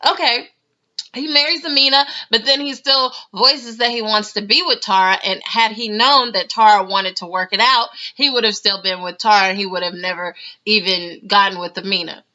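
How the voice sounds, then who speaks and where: A woman's voice: mid-range voice, normal speed, sharp tone. Chatty woman reviewing a reality show. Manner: chatty, laughing, mimics people she recaps. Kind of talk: casual video commentary. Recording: slightly dull lo-fi sound.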